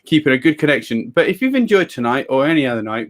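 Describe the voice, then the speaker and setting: A man's voice: medium pitch, very animated, quick pace. Joking man urging viewers to share. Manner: jokey, pleading with viewers. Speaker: livestream co-host. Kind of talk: casual livestream chat.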